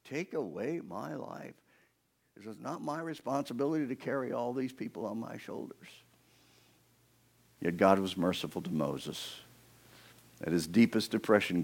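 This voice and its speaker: A man preaching a sermon outdoors, telling scripture stories dramatically and acting out quoted speakers, with playful asides. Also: lowish voice. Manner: dramatic storytelling, acting out quoted speakers with big swings in loudness. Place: outdoors near a creek.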